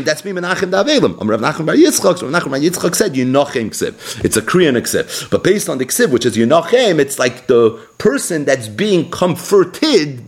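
Man teaching Talmud with a lively voice. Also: fairly high pitch. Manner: reads Aramaic then explains in English; acts out the rabbis' exchanges expressively. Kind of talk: daily Talmud lesson.

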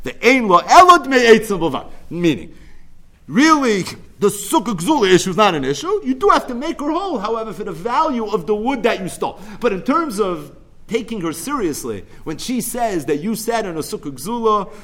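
A man teaching a Talmud lecture, telling its story in an animated way. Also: high-pitched, brisk.

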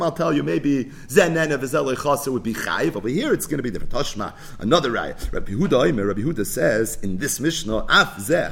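Man, Talmud teacher, animated pitch, conversational, asks and answers his own questions, mixes in Hebrew and Aramaic terms. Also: gravelly. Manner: explains in English mixed with Hebrew and Aramaic terms. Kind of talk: daily Talmud page lesson.

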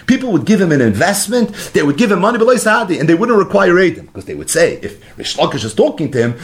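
A man giving a Torah lecture, an animated storyteller who acts out the dialogue. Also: a little high. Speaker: Torah teacher.

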